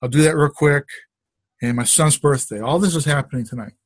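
A man's voice: a little high, a little fast, breathy edge, dry recording. A middle-aged man sharing a personal faith testimony in a casual, rambling way, with restarts and asides, on a conference call. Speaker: testimony sharer.

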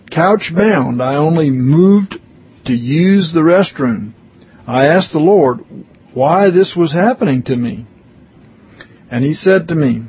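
Guy reading out a testimony real slow, kinda husky, dull lo-fi sound. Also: fairly high pitch. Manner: slow, earnest reading with brief spoken comments. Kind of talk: reading a written testimony aloud with asides.

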